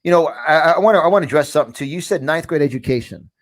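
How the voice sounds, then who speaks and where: A podcast host with a New York accent, talking in a rambling, fired-up way from a large studio. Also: male voice, a little high, rapid-fire. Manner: rambling, fired up, repeats words. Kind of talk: animated talk-show chat.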